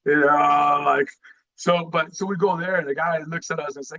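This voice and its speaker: Casual, animated storytelling man. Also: fairly high pitch, moderate pace, rough recording. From Guatemala. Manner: animated, street-casual storyteller, acts out quotes, many "you know"s. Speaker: guest, retired Marine sergeant major. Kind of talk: casual storytelling in a podcast interview.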